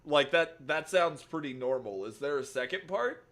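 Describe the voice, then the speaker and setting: A man's voice: fairly high pitch, moderate pace. A young man streaming a game, chatting casually, cursing and laughing often. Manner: profane, excitable, laughs often. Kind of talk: casual gaming stream chat.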